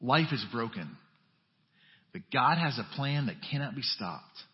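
A male pastor preaching a sermon in a conversational way, dropping to a hush and then rising to emphatic, urgent lines. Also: medium pitch, expressive, unhurried. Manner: conversational preaching with wide swings from hushed to emphatic. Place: church sanctuary. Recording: dull audio with long church reverb.

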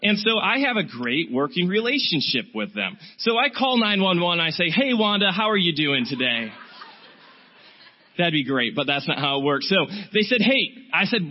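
A man preaching, telling a self-mocking story with an animated delivery. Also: fairly high pitch, normal speed. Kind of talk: sermon with storytelling. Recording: dull, muffled sound.

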